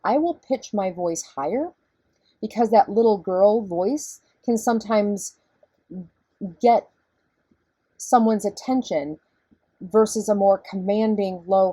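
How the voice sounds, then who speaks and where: In a warm tone, this middle-aged female professor talks through a recorded lecture conversationally, breaking ideas down step by step. Her voice is low and husky, and the recording is dry.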